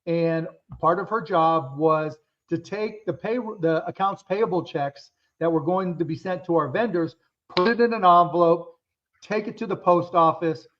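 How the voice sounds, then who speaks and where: A man's voice: a little high, normal speed. A man in his fifties, a business guest in an interview, telling stories from his early career in a blunt, candid way and swearing freely. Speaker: guest entrepreneur. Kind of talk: casual interview storytelling. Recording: dull lo-fi sound.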